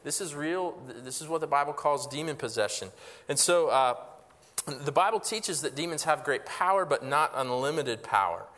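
A man's voice: a little high, expressive, normal speed, fairly bright tone. Preaching man in a reverberant hall. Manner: conversational preaching with frequent restarts and rhetorical questions. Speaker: pastor. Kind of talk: sermon.

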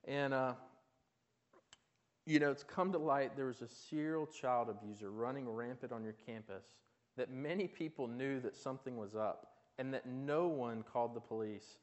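A man's voice: medium pitch, normal speed, muffled recording. A man preaching a sermon in a conversational way, asking his listeners questions and often restarting his words. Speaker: pastor.

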